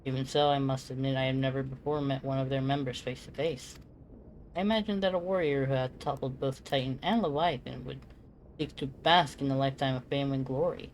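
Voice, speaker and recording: A streamer reading the lines of a formal, earnest young scholar from a video game in a measured voice. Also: medium pitch, steady tone, slight background noise, close to an everyday voice, poor audio.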